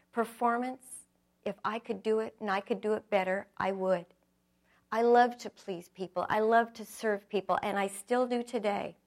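A middle-aged woman giving an earnest, reflective personal testimony, telling her story with acted quotes. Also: medium pitch.

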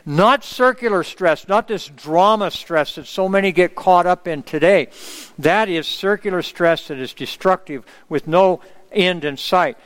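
A man's voice: high-pitched, unhurried, a bit bright, clear, resonant tone. A middle-aged man preaching a sermon in an earnest way, often calling out to the congregation for an amen. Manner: earnest, asks the congregation for amens.

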